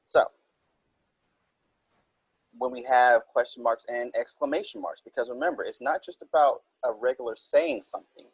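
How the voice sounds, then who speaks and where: Husky-voiced man teaching a writing lesson. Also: medium pitch, moderate pace, long pauses, dry recording, rough recording. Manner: explains step by step, reads example sentences aloud. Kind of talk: recorded writing minilesson.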